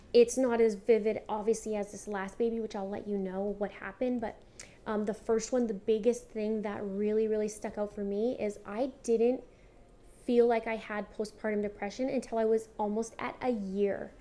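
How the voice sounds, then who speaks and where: Mellow-voiced woman telling her story. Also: mid-range voice. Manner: earnest, conversational, addresses viewers directly; halting, with frequent restarts. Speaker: mother sharing her story. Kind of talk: candid personal vlog storytelling.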